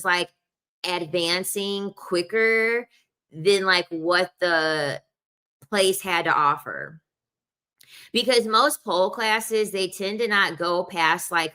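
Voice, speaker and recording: A woman's voice: lowish voice, sharp tone. A young adult woman talking in a casual, rambling chat, full of "like" fillers and the odd laugh. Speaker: podcast host.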